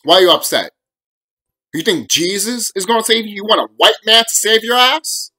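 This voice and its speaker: Young man, vlogger, cursing rant, raised voice, sharp bright tone. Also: high voice, lively intonation, moderate pace. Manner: profane, heated, repetitive. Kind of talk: ranting monologue to camera.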